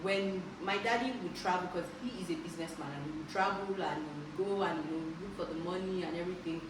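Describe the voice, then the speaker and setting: A young woman with a Nigerian English accent, casually telling childhood stories to her vlog audience, animated and quick to laugh. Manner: animated, laughs often, bursts into high exclamations. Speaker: vlogger. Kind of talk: casual storytelling. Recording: echoey room, distant mic, background noise.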